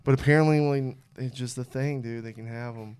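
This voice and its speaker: A young man hosting a podcast, telling a story in a lively, animated way, swearing often and acting out what people said. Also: mid-range voice, fairly quick, smooth. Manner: animated, swearing, acts out quotes. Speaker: podcast host. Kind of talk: casual storytelling chat.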